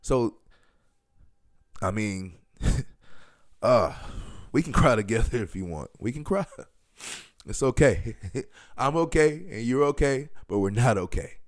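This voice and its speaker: A man hosting a solo podcast, talking loosely and emphatically, with many fillers and sudden bursts of excitement. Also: mid-range voice, slow, pauses often, no room sound, studio quality. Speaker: podcast host.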